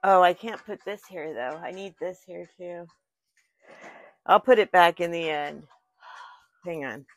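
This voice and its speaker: With a fairly low voice, a woman hosting an unboxing vlog talks to herself a little slowly, pausing often, as she thinks aloud and gets easily moved by what she unpacks. The recording is dry.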